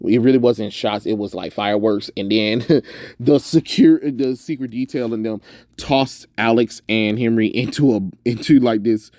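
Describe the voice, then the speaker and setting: A man's voice: medium pitch, moderate pace, darkish tone, no echo, clean studio sound. A young man from the suburban American South chatting casually through a movie review, rambling with lots of "um"s and frequent laughs. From Southern United States, suburban.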